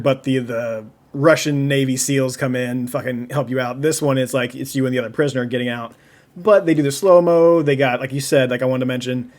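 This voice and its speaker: Rambling man on a gaming podcast. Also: medium pitch. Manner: rambling, restarts often, enthusiastic. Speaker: podcast co-host. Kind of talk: casual podcast chat.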